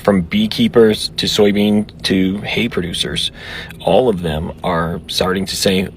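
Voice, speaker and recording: A man narrating farm news in a steady, explanatory way. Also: low-pitched, a little slow, slight background noise.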